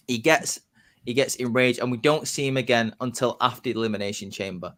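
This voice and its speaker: A man's voice: mid-range voice, brisk. Man telling wrestling predictions, play-by-play. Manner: excited play-by-play storytelling. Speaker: podcast host. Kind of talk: casual wrestling prediction chat.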